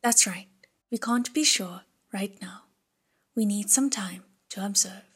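A woman voicing a gentle young male prince in an audiobook, speaking softly and earnestly. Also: medium pitch, unhurried, breathy edge. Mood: calm.

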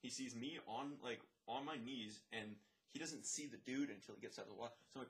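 A man who works as a lifeguard and swim instructor, telling a story in casual chat, animated, swearing, and acting out the dialogue. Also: mid-range voice, fast, hardly any pauses. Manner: animated, swears, many fillers; acts out dialogue, drops to a whisper.

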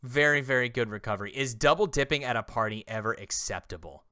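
Male podcast co-host in his 30s, teasing quizmaster, bright tone, dry close sound. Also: mid-range voice, fast talker, clear, resonant tone, no echo. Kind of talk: casual chat.

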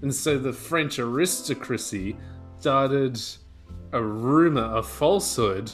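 A man's voice: mid-range voice, slow pace. A man co-hosting a casual podcast over a video call, ranting through a joking history lesson full of swearing. His voice sits in a middle register, and faint music plays underneath. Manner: profane, rambling joking history rant. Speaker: podcast co-host. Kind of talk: casual chat, comic storytelling.

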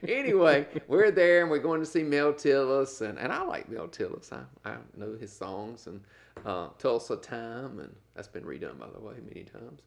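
Gravelly man telling a story. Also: mid-range voice, normal speed. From North Carolina, US. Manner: animated, laughing storyteller. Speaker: podcast co-host. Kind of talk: casual storytelling chat.

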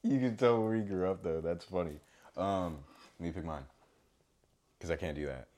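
A very deep-voiced man chatting loosely on a podcast. He rambles, leans heavily on fillers and lets his sentences sink into quiet asides. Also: moderate pace. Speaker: podcast co-host. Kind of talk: casual chat.

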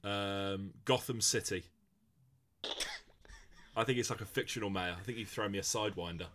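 A young man, co-hosting a casual comedy chat with dry, deadpan quips. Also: fairly low pitch, normal speed, a little hiss or hum. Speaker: podcast co-host.

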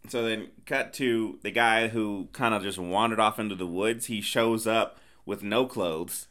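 A man co-hosting a casual movie review podcast, retelling scenes in an animated way and putting on voices for the characters. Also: fairly low pitch, unhurried. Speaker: podcast co-host, the father.

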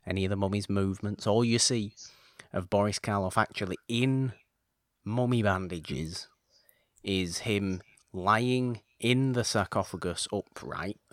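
A man's voice: fairly low pitch, unhurried, fairly bright tone, no room sound, studio quality. A man hosting a casual podcast chat, talking with enthusiasm and rambling, often repeating words. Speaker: podcast host.

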